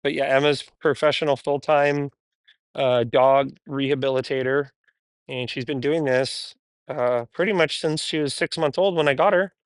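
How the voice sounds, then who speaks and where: Steady and smooth at a normal speed, a man speaks in a dry recording while training a dog on camera. He's a dog trainer, casual and candid, and he lifts into high, cheerful praise whenever he addresses the dogs.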